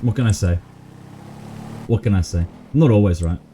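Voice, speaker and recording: A man's voice: on the low side, moderate pace, warm tone, a little hiss or hum. A man chatting casually while streaming a roleplay game, slangy, swearing often and laughing easily.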